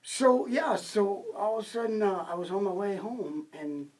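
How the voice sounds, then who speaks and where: A musician guest tells a story in a relaxed, chatty way. They slip into the other voices when quoting phone calls, and the storytelling rambles along. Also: medium pitch, moderate pace. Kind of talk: casual interview chat.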